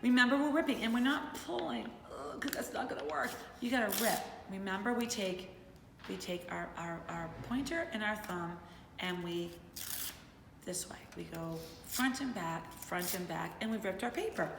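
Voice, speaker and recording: A middle-aged woman teaching young children a remote lesson from home, in an animated, encouraging sing-song manner. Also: medium pitch, moderate pace, creaky, background noise. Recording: roomy echo with faint ambience.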